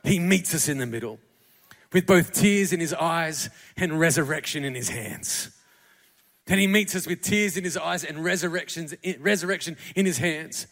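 A man's voice: a little high, moderate pace. Impassioned male preacher in a reverberant hall. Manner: impassioned, builds to shouting crescendos. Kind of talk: sermon. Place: church hall.

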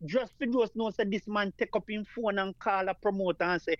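A Jamaican man with a high voice speaks as an interview guest. He tells his story earnestly, repeating himself and addressing the listener as "man of God." The sound is dry and a little dull. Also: fairly quick, dry recording. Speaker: guest performer.

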